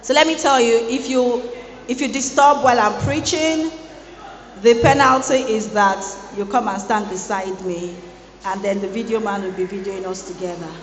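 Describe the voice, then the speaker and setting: A woman's voice: mid-range voice, normal speed, slight background noise. Playful woman preaching in a hall. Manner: playful, teasing the audience. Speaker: guest speaker at a student boot camp. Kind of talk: lively motivational sermon. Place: large hall. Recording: echoey large hall.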